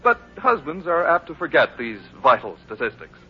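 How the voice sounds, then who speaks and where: A man's voice: on the high side, big pitch swings, moderate pace, breathy edge. A man announcing and narrating a vintage radio show in a wry, theatrical way. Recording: dull old radio recording with faint music.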